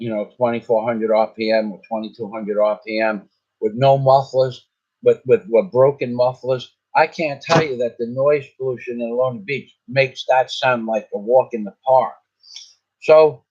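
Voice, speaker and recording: Older man, rambling casual storyteller, mid-pitched voice, dull lo-fi recording. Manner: rambling, repeats words and restarts often. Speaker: vlogger. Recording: slightly dull lo-fi sound.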